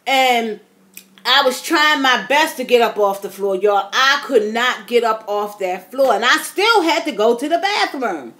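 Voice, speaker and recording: A woman's voice: a little high, lively intonation, measured pace, fairly bright tone. A woman in her fifties vlogging, telling stories in a chatty, dramatic way and calling her viewers y'all. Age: 50s. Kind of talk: casual storytelling to camera.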